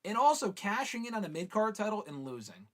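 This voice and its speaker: A man's voice: high-pitched, sing-song, brisk. A man hosting a live fan-question show in casual, swearing chat, reading viewer questions aloud and answering them.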